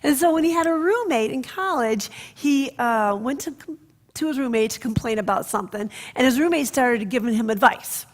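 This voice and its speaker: A woman minister giving a sermon, telling stories in an expressive way that drops to soft, hushed passages. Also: high voice, moderate pace.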